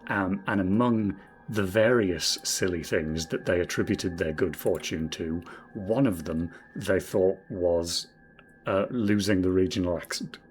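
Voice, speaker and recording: A man in his forties from Northeast England with a southern English accent, streaming a game in casual commentary, rambling and self-deprecating, muttering quiet asides to himself. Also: low voice, a little slow, slight background noise. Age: 40s. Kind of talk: casual game commentary while reading chat.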